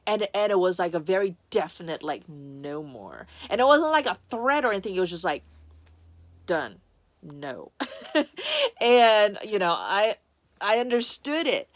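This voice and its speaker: A woman speaks candidly about a deeply personal experience, her voice emotional and at moments close to tears. She talks with many restarts and fillers, in a mid-pitched voice. The recording is dry and close. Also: lively intonation, a little fast, no echo. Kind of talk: personal testimony to camera.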